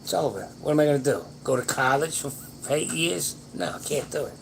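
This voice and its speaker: A man's voice: fairly high pitch, steady tone, brisk, creaky, low-quality recording. Older male host, casual late-night advice chat, folksy and rambling, slight background hiss. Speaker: livestream host answering viewer questions.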